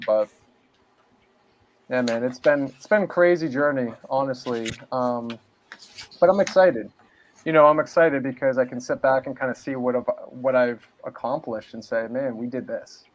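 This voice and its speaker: Laid-back and tossing around "man" and "dude" constantly, this podcast guest from New England chats casually in an interview. He speaks at a medium pitch and moderate pace, captured on a dull lo-fi recording.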